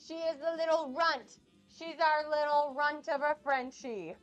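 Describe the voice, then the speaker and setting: A young woman getting over a cold, chatting excitedly with viewers on her cooking live stream. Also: high-pitched, measured pace, highs cut off, faint music behind. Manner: bubbly, gushing and excitable. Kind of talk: casual live-stream chat.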